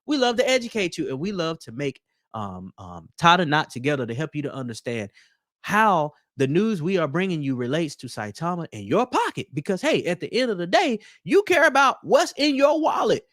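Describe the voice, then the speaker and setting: Speaking briskly in a voice on the high side, a Southern-accented man hosts a crypto news show, offering casual commentary over on-screen photos. He's lively and talkative, referring to viewers as "guys," with clean studio sound and no room tone.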